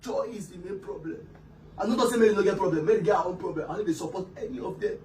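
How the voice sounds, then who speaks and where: A man's voice: high-pitched, racing, a little mellow, distant mic, lightly acted. A man with a Nigerian Pidgin accent playing an ailing husband on a drip, weak, pleading and tearful. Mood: weary. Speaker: sick husband. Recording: echoey room heard from afar, background noise.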